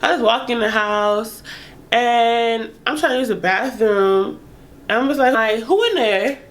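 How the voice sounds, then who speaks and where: A young woman vlogger telling a casual story in an animated, profane way, laughing as she goes. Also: on the high side, measured pace.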